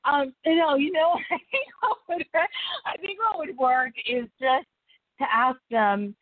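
A woman with a fairly high voice gives coaching advice in an interview, laughing often as she acts out the questions to ask. Her voice comes through a tinny, phone-like line. The sound is dry. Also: unhurried, dry recording. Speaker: guest coach. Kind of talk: interview conversation.

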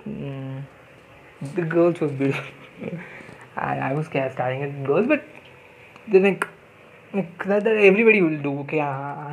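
A man's voice: on the high side, a little hiss or hum, low-quality recording. A young man with an Indian English accent, telling a casual story with many fillers, restarts and repeated words. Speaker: podcast host.

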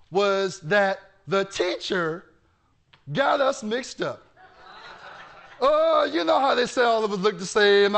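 Preacher, male, high-pitched with gravelly fry, animated storytelling sermon. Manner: animated storytelling, bursts into shouting. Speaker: pastor.

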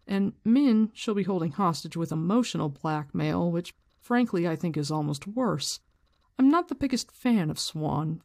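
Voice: medium pitch, creaky, darkish tone. A book commentator who reads passages aloud and gives candid, opinionated views in a casual way, swearing now and then.

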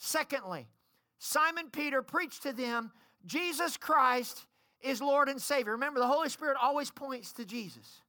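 A woman preacher giving an impassioned, pleading sermon at a church service, her voice rising to shouts. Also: high voice, moderate pace.

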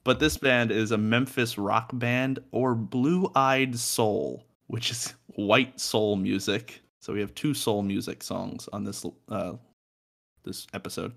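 A man's voice: on the low side, steady tone, takes it slowly, creaky, a bit bright. A young man co-hosting a casual music podcast from a room at home, joking, swearing and laughing often. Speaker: podcast co-host.

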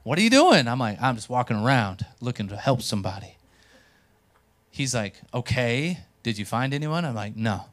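A young man preaching a sermon as pastor, telling a personal story and acting out dialogue, swinging from quiet asides to loud bursts. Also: mid-range voice, moderate pace. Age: young adult.

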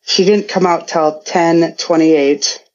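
A woman's voice: fairly low pitch, slow, highs cut off. Middle-aged woman, chatty laughing storyteller. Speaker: podcast guest, mother of a co-host. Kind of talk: casual chat, storytelling.

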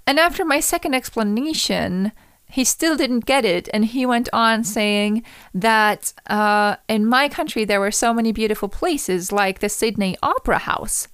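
A young woman from Austria, a native German speaker, hosting a solo podcast in a reflective, gently chatty way. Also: a little high, unhurried, clear, resonant tone, dry recording, clean studio sound. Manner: reflective, gently chatty, laughs between thoughts. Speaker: podcast host.

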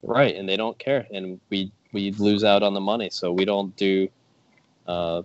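A man talking as a guest on a casual podcast in a measured, matter-of-fact way. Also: fairly low pitch, steady tone, highs cut off. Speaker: podcast guest, performance shop owner.

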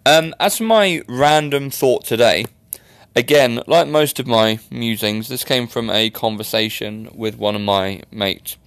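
A man's voice: mid-range voice, a bit bright, clear, resonant tone, no room sound. A young man hosting a casual solo podcast, chatty and rambling with self-mocking asides. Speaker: podcast host.

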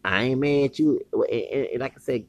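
A man's voice: medium pitch, brisk, no room sound. A man, hosting a podcast in an unscripted, boastful and combative monologue full of profane slang and restarts. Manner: profane slang and swaggering taunts. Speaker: podcast host.

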